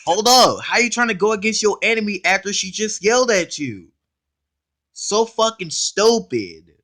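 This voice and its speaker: A man hosting a casual reaction video, excitable and blunt, talking in slang straight to his viewers and cutting in often to comment. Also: high voice, moderate pace. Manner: excitable, blunt and profane, keeps interrupting with "hold up".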